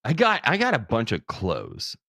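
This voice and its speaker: A man's voice: medium pitch, wildly swooping pitch, normal speed, vocal fry, bright, forceful tone, no room sound, studio quality. A man hosting a charity livestream, talking casually in a candid, profane, self-deprecating way. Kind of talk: casual chat.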